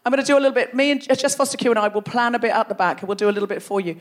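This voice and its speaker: Woman, high voice, comedy host, live theatre stage, playful teasing, laughing banter. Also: very fast. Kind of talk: live stand-up audience banter. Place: large theatre before a live audience.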